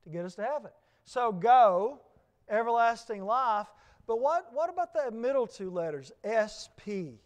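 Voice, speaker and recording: A man preaching in a Southern US accent, his voice sitting notably high for a man. He drives his points home with repeated phrases and questions put to the congregation, in the steady rhythm of a sermon. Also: normal speed, few pauses.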